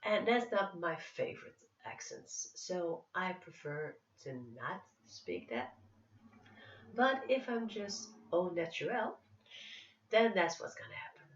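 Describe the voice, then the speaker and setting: A woman's voice: fairly low pitch, animated, takes it slowly, a little hiss or hum. A woman vlogger with an American accent tinged with Dutch and English, chatting to camera in a blunt, playful way. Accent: American with Dutch and English traces. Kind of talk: casual chat to camera. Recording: echoey room, distant mic, dull sound.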